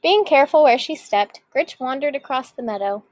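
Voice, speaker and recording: Expressive woman reading a storybook. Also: high voice, moderate pace, no room sound, low-quality recording. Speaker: teacher. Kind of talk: reading a picture book aloud.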